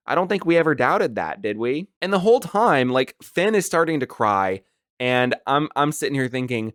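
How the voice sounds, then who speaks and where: A man's voice: mid-range voice, lively intonation, normal speed, clean tone, no room sound, studio quality. A man hosting a casual film review, talking sarcastically and with exasperation, with many filler "like"s. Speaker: movie review host.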